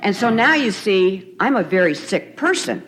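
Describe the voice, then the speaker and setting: A woman's voice: mid-range voice, sing-song, moderate pace, fairly bright tone, soft background music. A middle-aged woman sharing her recovery story at a retreat, telling it in a loose conversational way with frequent laughs. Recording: faint noisy 1990s tape recording.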